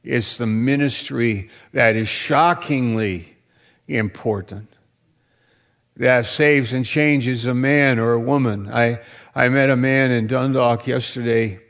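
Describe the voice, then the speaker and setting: Slow gravelly preacher guy, hammers the same phrases over and over. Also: mid-range voice, fairly even intonation. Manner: emphatic preaching, repeats phrases, bursts into shouts. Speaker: pastor. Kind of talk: sermon.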